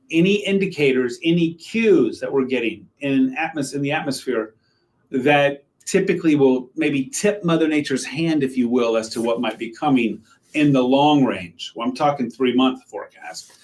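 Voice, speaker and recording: A man, a TV meteorologist giving a casual live weather update, chatting and joking with viewers and greeting them by name. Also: mid-range voice. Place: TV station weather set.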